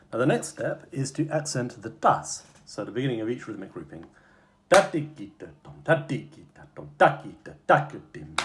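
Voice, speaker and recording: A man's voice: medium pitch, noisy background. A man giving a casual music lesson, explaining step by step and chanting rhythm syllables, stopping to fix his own slips. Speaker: music teacher.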